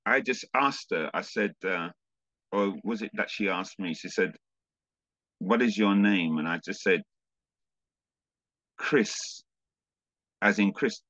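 A man, a pastor, telling a personal testimony as a sermon in an easygoing storytelling way, halting now and then with small fillers. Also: on the low side, bright, forceful tone, no echo, muffled recording.

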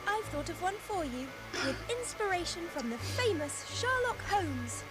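A woman voicing a cheerful young female detective in a video game, crisp and teasing. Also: very high-pitched, sing-song, moderate pace, rough recording. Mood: brisk. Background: game music.

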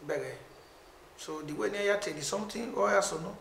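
A man's voice: high-pitched, moderate pace, creaky. A man with a Nigerian accent, a musician talking animatedly in a casual conversation. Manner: animated, mixing pidgin and Edo. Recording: echoey room.

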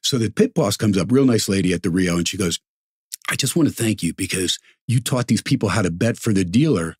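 A middle-aged man spins a long casual anecdote, slipping into the voices of the people in it. His voice sits low with a husky edge, recorded close and dry. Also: a little fast, no room sound. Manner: animated storyteller, acts out quoted voices. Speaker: sportscaster guest. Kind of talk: casual storytelling.

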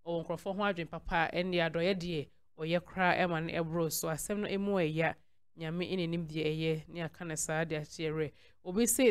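Smooth-voiced Ghanaian woman commentator. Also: on the low side. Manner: mixes Twi and English freely. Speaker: celebrity gossip channel host. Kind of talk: commentary reading viewer comments aloud.

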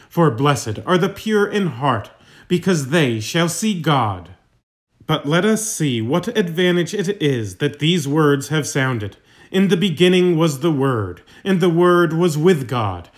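Slow, solemn male sermon reader. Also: fairly high pitch. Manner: measured, solemn reading. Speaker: reader of a saint's homily. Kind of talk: slow scripted narration of a sermon.

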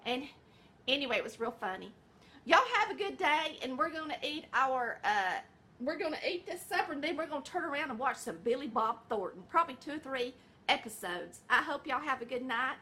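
Middle-aged Southern woman vlogging from her kitchen, high and bright, tired, rambling and folksy. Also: expressive, fairly quick. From American South. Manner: folksy, rambling, says y'all and honey. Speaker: vlog host, home cook. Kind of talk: casual chatty vlog. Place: home kitchen, indoors.

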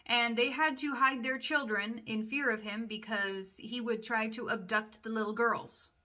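A woman's voice: on the high side, steady tone, moderate pace, pushed and bright. A woman casually talking through a book, reading captions aloud and adding her own chatty comments full of "like.". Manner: chatty, uses many "like" fillers. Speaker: book reviewer.

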